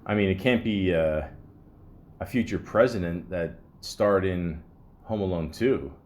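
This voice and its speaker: A man's voice: sits low, measured pace, a little mellow. A man hosting a podcast, reading a script with sarcastic, joking asides. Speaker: podcast host.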